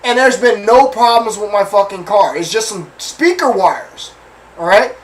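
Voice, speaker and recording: A man's voice: high voice, measured pace, recorded from a distance, poor audio. A man hosting his own show, telling a story from his life as a casual rant. He swears a lot, repeats himself and keeps asking the listeners if they follow. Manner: animated, profane, repeats phrases and asks the listeners for agreement. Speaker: podcast host.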